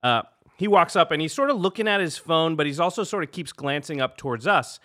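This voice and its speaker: A man's voice: a little high, brisk. A man telling a funny anecdote in casual chat, laughing often and acting out the people he quotes. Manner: lively storyteller, laughs often, acts out quotes. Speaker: podcast co-host telling a story.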